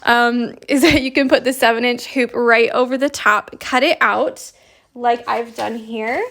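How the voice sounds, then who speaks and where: A woman's voice: fairly high pitch, steady tone, measured pace, fairly bright tone. A young woman giving a chatty, upbeat embroidery tutorial, explaining step by step. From Canada. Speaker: embroidery teacher. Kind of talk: casual crafting tutorial.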